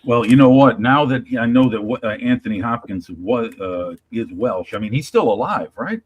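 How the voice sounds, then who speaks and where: A man on a chat panel speaking in a measured, slightly formal way with frequent pauses. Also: medium pitch, animated, breathy edge, phone-quality sound. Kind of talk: casual chat.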